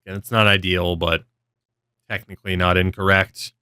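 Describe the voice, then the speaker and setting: This gaming creator's low-pitched voice shows little pitch movement at normal speed, bright, forceful, clear and resonant. He's a young man offering offhand, rambling commentary on a hockey video game, swearing now and then, yawning and hiccuping. The audio is studio quality with no room sound.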